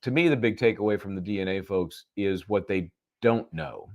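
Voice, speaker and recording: A man's voice: on the low side, animated, normal speed, gravelly, darkish tone, highs cut off. A man giving live legal commentary in a sarcastic, conversational way.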